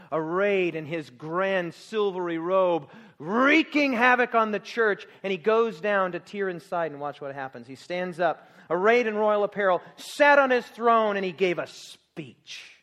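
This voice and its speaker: A man preaching a sermon, lively and jokey, acting out scenes and laughing often. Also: high voice, normal speed, hardly any pauses.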